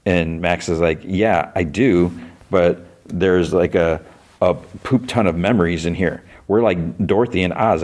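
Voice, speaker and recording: A man's voice: low voice, a little mellow. A man hosting a podcast, recapping a TV episode in a casual, rambling way, full of fillers and restarts, acting out the characters' lines. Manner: rambling, many fillers and restarts, acts out quotes.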